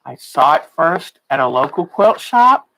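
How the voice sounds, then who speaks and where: A woman's voice: deep voice, sing-song, unhurried, a bit bright, poor audio. A woman in her sixties, a quilting teacher on a casual livestream, chatty and laughing often, a little tired and yawning. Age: 60s.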